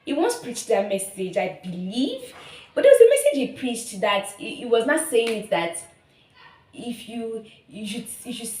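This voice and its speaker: A woman's voice: on the high side, sing-song, a little slow, mellow. Earnest Nigerian woman with roomy echo. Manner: earnest and emotional, repeats herself, laughs often. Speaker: vlogger. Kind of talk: personal testimony vlog.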